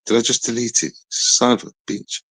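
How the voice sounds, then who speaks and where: A man's voice: mid-range voice, normal speed, fairly bright tone, breathy edge. A man reacting to videos on his live stream, talking to viewers bluntly and swearing freely. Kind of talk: casual live-stream commentary.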